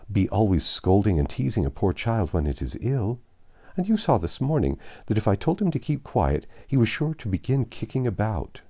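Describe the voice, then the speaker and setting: A man's voice: on the low side, warm tone. A man reading a classic novel aloud, voicing a fretful, self-pitying young mother who complains easily. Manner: complaining, quick to whine.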